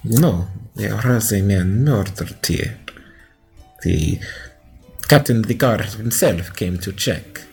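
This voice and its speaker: Guy playing a formal polite lady adventurer, low gravelly voice, slow and careful. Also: expressive, a little mellow, faint music behind, heavily acted. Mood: courteous. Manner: formal, measured, veiled threats. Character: formal, courteous woman adventurer.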